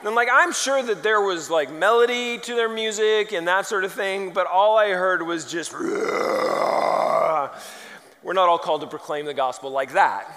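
A man preaching a sermon, telling a story in a lively, rambling way and often poking fun at himself. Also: high voice, a little slow. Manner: animated, rambling and self-mocking. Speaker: pastor. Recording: long hall reverb.

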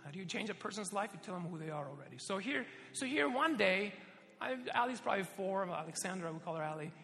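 A man preaching a sermon, telling personal stories in an animated way and laughing often. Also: high voice, quick pace, creaky, big-room sound, soft background music.

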